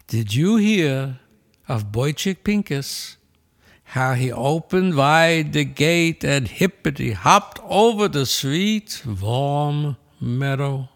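An older man with a Brooklyn Yiddish accent narrating a children's story in a slow, lilting, playful way. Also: fairly high pitch, animated, gravelly, long reverb tail.

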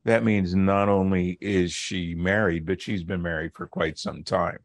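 A middle-aged linguist, interviewed on the radio, explains things in a measured, lecturing manner, slowing down to stress key words. His voice is low, steady and creaky, with no echo.

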